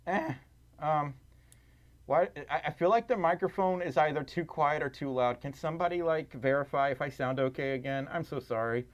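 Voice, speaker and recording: A man's voice: on the high side, moderate pace, muffled recording. A man chatting casually on a livestream, rambling and self-deprecating with lots of fillers and laughs, tired and a little scratchy. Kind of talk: casual live stream chat.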